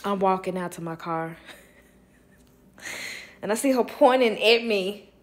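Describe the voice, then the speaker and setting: A woman's voice: mid-range voice, measured pace. A woman hosting a show, telling a casual story and acting out the voices of the people she quotes, laughing often. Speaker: host.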